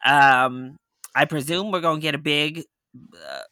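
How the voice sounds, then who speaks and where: A man's voice: on the high side, unhurried, pushed and bright, clear, resonant tone, no room sound, studio quality. A man in a casual chat, joking loosely and using slang. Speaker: co-host.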